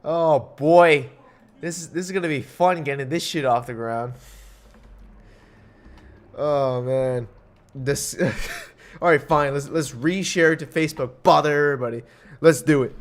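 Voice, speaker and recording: A man's voice: a little high, measured pace, pauses often. A young man hosting a casual solo podcast, rambling and swearing with jokes, coughing now and then. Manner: rambling, profane, jokey. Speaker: podcast host.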